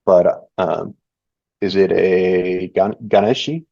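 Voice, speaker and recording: Young male streamer, low voice, loose and rambling, dry lo-fi audio. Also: takes it slowly, vocal fry, dry recording. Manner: relaxed and rambling, reading chat and charts aloud. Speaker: live trading show host. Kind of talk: casual live-stream chat. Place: home indoors.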